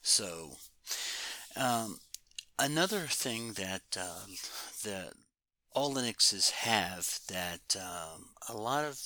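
A man's voice: fairly low pitch, sharp tone, no echo. A man co-hosting a casual podcast, talking in a loose, rambling way with fillers. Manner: rambling, many fillers and restarts. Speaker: podcast co-host.

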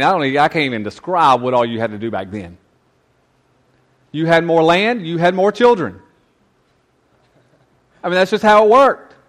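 Man, preacher, sermon, high voice, folksy, emphatic.

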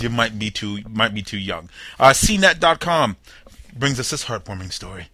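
A man's voice: medium pitch, brisk, sharp tone, no echo. A young man hosting a comedy news roundup, reading headlines with wry, jokey asides and putting on mock-dramatic voices for the people in the stories. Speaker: podcast host.

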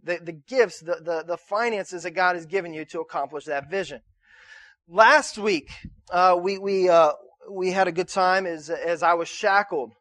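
High-voiced pastor preaching with questions. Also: male voice, a bit bright, no echo. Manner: conversational preaching with call-and-response questions; repeats words and restarts often. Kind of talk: sermon.

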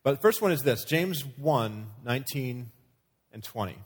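Guy teaching a church class, middle-pitched voice, measured, few ums. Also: animated, slightly rough.

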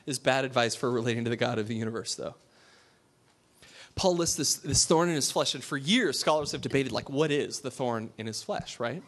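A pastor giving a sermon. He talks in a conversational way, asks his listeners questions and drops to a hush for emphasis. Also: mid-range voice, fairly quick.

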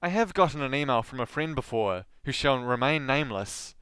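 A man's voice: mid-range voice, lively intonation, brisk, a bit bright, clean tone, no echo. A man with a Southland New Zealand accent hosting a podcast, reading a scripted monologue with a dry, self-deprecating delivery. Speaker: podcast host.

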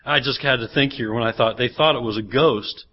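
Lively preaching man, lo-fi sound. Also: mid-range voice, a little fast. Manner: animated preaching, acting out voices of the people in the reading. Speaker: pastor. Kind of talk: sermon. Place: church. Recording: dull lo-fi sermon recording.

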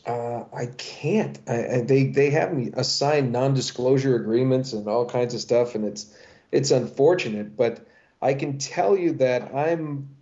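A man's voice: medium pitch, unhurried, dark tone. Middle-aged guy rambling about voice work, lots of restarts, kinda dull lo-fi audio. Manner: rambling, self-correcting, playful. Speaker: voice actor guest. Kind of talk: casual interview chat. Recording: dull lo-fi sound.

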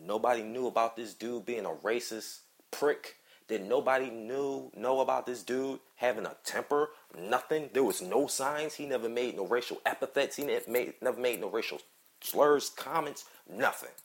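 A man's voice: mid-range voice, moderate pace. Angry man ranting on his podcast. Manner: heated, profane, repetitive ranting. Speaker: podcast host. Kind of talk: angry solo commentary.

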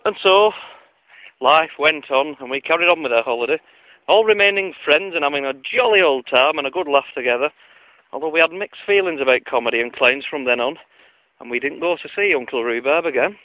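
A man's voice: on the high side, brisk, no room sound. A man telling a comic story from his childhood in a wry, digressive, self-mocking way, on a lo-fi recording.

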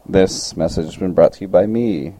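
Very deep, mellow young man. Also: normal speed, a little hiss or hum, poor audio. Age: young adult. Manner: rambling, animated retelling with quoted voices. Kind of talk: casual chat, storytelling.

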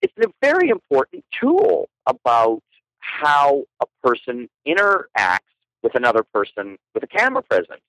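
Animated man telling photo stories. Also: mid-range voice, moderate pace, no echo, poor audio. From Canada. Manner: animated, playful, frequent laughter. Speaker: guest photographer. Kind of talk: storytelling podcast interview.

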